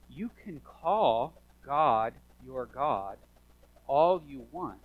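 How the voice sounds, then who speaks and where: A man preaching a sermon as pastor, animated, swinging from hushed asides to loud emphatic lines, in a church. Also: medium pitch, extremely slow, narrow, tinny audio.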